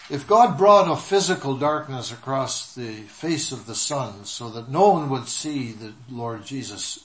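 Preacher pausing phrase by phrase. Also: male voice, medium pitch. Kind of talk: sermon with live interpretation. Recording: echoey room with faint noise.

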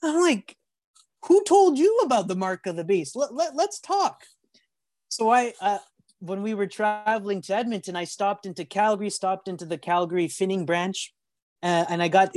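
A man preaching a sermon on a video call, telling stories with animated acted-out voices and often stumbling over repeated words. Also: sits high, no room sound. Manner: animated storytelling, acts out voices.

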